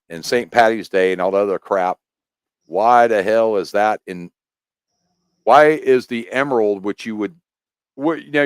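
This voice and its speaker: This podcast guest, a man from the US, rambles animatedly through his explanations in a casual conversation, frequently starting over. He has a lowish, clear, resonant voice, recorded without echo.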